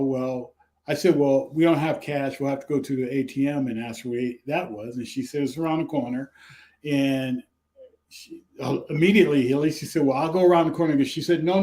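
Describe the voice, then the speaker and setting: An older man talks through a story at an easy pace, now and then dropping in a dry joke. He sounds casual and unhurried, like he is chatting with friends. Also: medium pitch. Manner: relaxed storyteller, dry humor. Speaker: co-host on a travel vlog. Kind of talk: casual live-stream chat.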